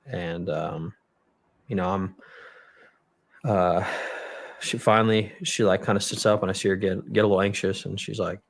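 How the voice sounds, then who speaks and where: Low, gravelly man telling a story. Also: fairly even intonation. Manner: blunt, profanity-laden, halting storytelling. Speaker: podcast guest. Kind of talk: storytelling in a conversational interview. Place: podcast studio.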